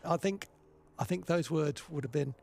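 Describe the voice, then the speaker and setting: A man's voice: fairly high pitch, moderate pace, creaky, darkish tone. A middle-aged man, a retired player giving chatty, wry co-commentary on live cricket. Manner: chatty, wry, musing asides.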